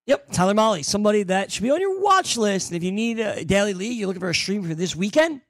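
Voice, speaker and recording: A man's voice: high-pitched, very animated, fast, a bit bright, no echo, studio quality. A man co-hosting a fantasy baseball podcast, reading game results with a wry, dryly sarcastic manner in casual chat. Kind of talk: casual sports analysis chat.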